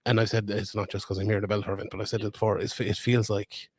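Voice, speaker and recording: A man's voice: fairly low pitch, level tone, rapid-fire, husky, no room sound. A young man with a Limerick Irish accent, rambling and laughing as he hosts a casual live stream from a fight weigh-in. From Ireland. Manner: rambling, chatty, laughs often. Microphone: phone camera.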